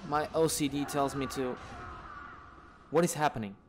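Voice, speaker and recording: A man's voice: a little high, steady tone, moderate pace, background noise. A man giving live commentary on his own gameplay, exasperated and swearing at the enemies on screen. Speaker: let's play gamer. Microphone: desk mic, camera off.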